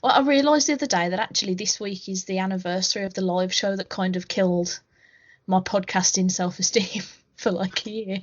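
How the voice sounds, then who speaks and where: A woman's voice: mid-range voice, normal speed, dull audio. A woman co-hosting a casual podcast chat, giggly and self-deprecating, with a sweary streak. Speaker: co-host.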